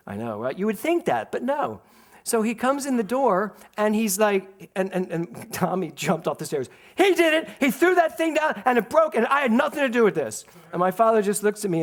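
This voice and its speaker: A middle-aged man from Philadelphia, preaching a sermon to his congregation and acting out a family story. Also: on the high side. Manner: animated storyteller, laughs and acts out voices, speaks to the congregation. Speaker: minister. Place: spiritual center sanctuary.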